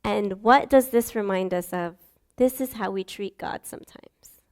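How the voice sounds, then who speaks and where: A woman's voice: medium pitch, a little slow. A young woman giving a casual, earnest sermon, chatty and acting out Bible figures as she goes.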